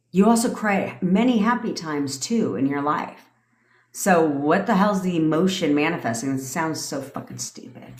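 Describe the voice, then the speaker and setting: A middle-aged woman with a low voice coaches her listeners in a casual livestream rant. She is blunt and profane, swearing as she goes. Her voice rings in an echoey room. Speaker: manifestation coach.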